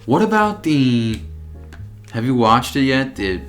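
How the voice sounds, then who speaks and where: A man's voice: medium pitch, sing-song, slow pace, a bit bright, faint music behind. A man co-hosting a podcast, chatting agreeably with lots of hesitant fillers. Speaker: podcast co-host. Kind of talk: casual chat.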